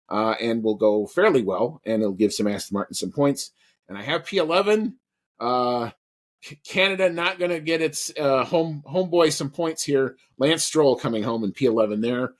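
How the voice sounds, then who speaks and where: In a mid-range voice and at a moderate pace, a man co-hosts a podcast, chatting loosely and rambling with many fillers and false starts.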